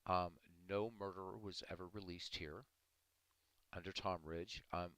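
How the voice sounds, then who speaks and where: Male streamer, very low voice, dry close mic, earnest and argumentative with viewers. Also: fairly even intonation, a little slow, fairly bright tone, no room sound, low-quality recording. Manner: earnest, argumentative, addressing chat by name. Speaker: livestream host talking to chat. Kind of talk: casual live-stream commentary.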